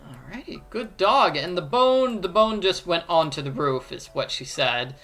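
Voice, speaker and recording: This let's play commentator has a high-sitting, a bit bright voice with lively intonation, speaking a little slowly. He guides viewers through an adventure game step by step, joking and doing voices playfully, with faint music underneath.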